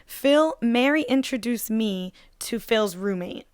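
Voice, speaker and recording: A woman's voice: fairly high pitch, animated, takes it slowly. A young woman co-hosting a casual podcast, telling a story animatedly with lots of "like" fillers and acting out the voices of people in it. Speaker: podcast co-host.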